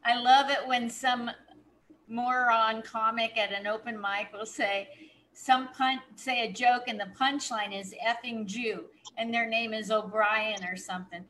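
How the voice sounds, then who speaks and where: A woman hosts a relaxed interview, speaking slowly in a bright, slightly high voice. A faint noise sits under her. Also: poor audio. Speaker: podcast host. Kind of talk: casual interview chat.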